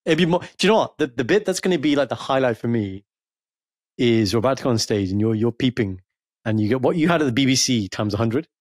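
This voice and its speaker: A man co-hosting a podcast in casual chat, teasing and animated, acting out playful quotes. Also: medium pitch, quick pace, dry recording, studio quality. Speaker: podcast co-host.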